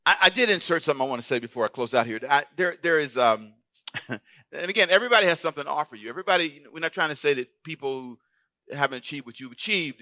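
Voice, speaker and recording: A man's voice: medium pitch, sharp tone, no echo. A man preaching a sermon as pastor, playful and calling out to his congregation for responses.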